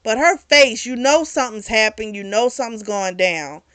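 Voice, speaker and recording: A woman hosting a book club vlog, chatting her way through a story recap with lively asides. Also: a little high, normal speed, dry recording.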